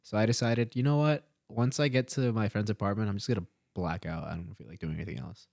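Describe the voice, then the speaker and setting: Fast-talking with vocal fry and a lowish voice, this early-20s podcast co-host rambles profanely through a story, acting out the quotes with lots of animation. The studio sound is clean, with no room sound at all.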